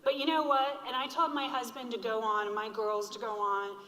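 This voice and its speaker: Bright-voiced woman speaking in an echoing hall. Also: fairly high pitch, little pitch movement. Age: 40s. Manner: earnest, slows down to stress key lines. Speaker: keynote speaker. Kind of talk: motivational conference speech. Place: large hall with an audience. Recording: echoey hall reverb.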